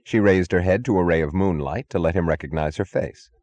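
A man narrating an audiobook in a measured, dramatic reading. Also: low-pitched, darkish tone. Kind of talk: scripted narration.

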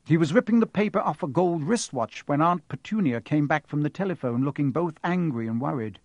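Expressive male audiobook narrator. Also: fairly high pitch, a little fast, no room sound, lo-fi sound. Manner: expressive, animated storytelling.

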